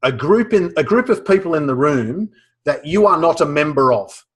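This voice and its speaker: A man with an Australian accent giving casual advice on humor, relaxed, with many fillers and restarts. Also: fairly high pitch, normal speed, slightly rough. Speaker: guest speaker on humor.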